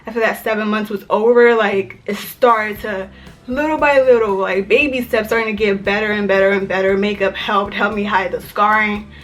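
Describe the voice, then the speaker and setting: A woman's voice: mid-range voice, steady tone, normal speed. A young woman from Maryland telling a personal story in a casual vlog, chatty and full of "like". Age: young adult. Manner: chatty, filler-heavy with frequent "like". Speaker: vlogger. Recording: faint music under the voice. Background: soft background music.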